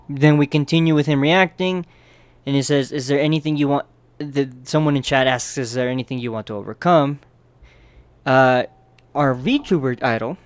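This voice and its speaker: A man's voice: mid-range voice, no echo. Guy recapping a manga, chatty and loose, keeps saying right?, dry close mic. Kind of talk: casual manga recap narration.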